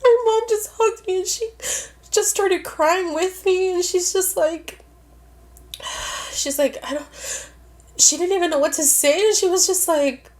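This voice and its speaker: A woman's voice: extremely high pitch, expressive, slow, pauses often, a little mellow. A woman co-hosting a podcast, earnestly telling a personal story and switching into Spanish phrases mid-sentence. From Mexican-American family. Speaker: podcast co-host.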